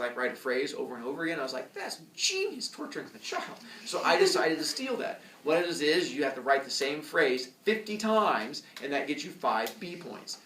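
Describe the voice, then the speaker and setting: A man's voice: fairly high pitch, a little hiss or hum. A man teaching a class, explaining his points system with dry jokes and mock student voices. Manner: joking, lively, puts on kid voices for effect. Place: school classroom. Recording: echoey classroom, far from mic.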